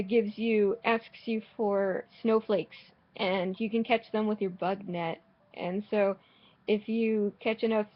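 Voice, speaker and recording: Speaking in a mid-range voice at a relaxed pace, a female gaming vlogger drifts through offhand commentary on her gameplay. She's sardonic and dry, swears without softening it, and frequently stops and restarts. It's recorded with a somewhat dull, lo-fi quality typical of an inexpensive home mic.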